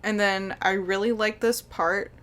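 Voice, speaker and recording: A woman's voice: mid-range voice, fairly even intonation, a little slow, a bit bright, rough recording. A young woman in her twenties, an animator, giving a casual video review in an incredulous, sarcastic way, often laughing.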